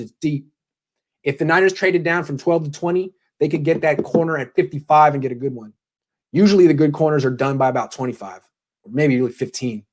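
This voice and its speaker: A man hosting a casual live sports talk show, brisk, opinionated and jokey. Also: a little high.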